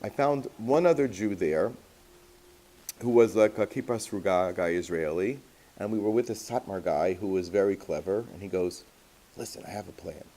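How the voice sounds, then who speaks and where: A rabbi with a low, mellow voice tells a personal story to his class. He talks in a lively, anecdotal way and drops Yiddish and Hebrew words along the way. He sounds relaxed and conversational. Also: moderate pace.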